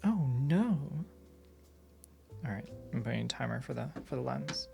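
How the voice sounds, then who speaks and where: A male streamer rambles through a story in easy casual chat, circling back on half-finished sentences and dropping the odd curse. His voice sits at an ordinary middle pitch. Faint music plays quietly behind him. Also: fairly even intonation, quick pace, vocal fry.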